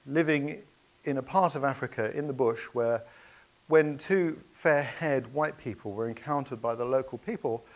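Male speaker, storytelling keynote, earnest, anecdotal, halting fillers. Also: mid-range voice.

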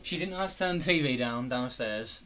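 A man's voice: mid-range voice, animated, normal speed, bright, forceful tone, slight background noise. A young man with a British accent giving live commentary on his football video game stream, talking to his players and swearing at them. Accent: British English. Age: young adult. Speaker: gaming streamer.

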